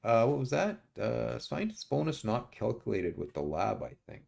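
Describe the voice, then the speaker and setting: A man streaming a strategy game, muttering his moves to himself and often pausing with uhs. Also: medium pitch, very animated, vocal fry, heavy background noise. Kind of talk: casual let's-play commentary.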